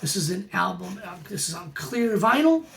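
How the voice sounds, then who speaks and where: Vlog host, forties, gravelly voice of middling pitch, keen and chatty. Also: sing-song, normal speed, fairly bright tone. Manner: enthusiastic, repeats praise words. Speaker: metal record collector host. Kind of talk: casual album review vlog.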